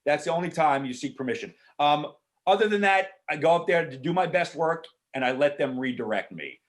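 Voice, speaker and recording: A man, an actor, answering questions in a casual Q&A over a video call, frank and animated, swearing freely and filling talk with asides. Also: fairly high pitch, fairly quick. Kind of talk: casual Q&A storytelling.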